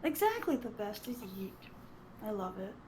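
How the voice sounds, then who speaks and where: A woman guest on a podcast, chatting casually in a playful, apologetic way with quick giggles. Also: medium pitch, very animated, a little mellow, slight background noise.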